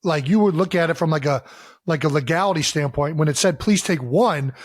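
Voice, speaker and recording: A man's voice: a little high, brisk, no echo. A man co-hosting a podcast in casual chat, talking things through earnestly and explaining rules. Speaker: podcast co-host.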